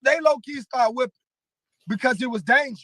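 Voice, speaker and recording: Very high-voiced man telling a rambling story. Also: pushed and bright, dry recording, low-quality recording. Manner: halting, rambling, many fillers and restarts. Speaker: battle rapper in interview clip. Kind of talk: interview storytelling.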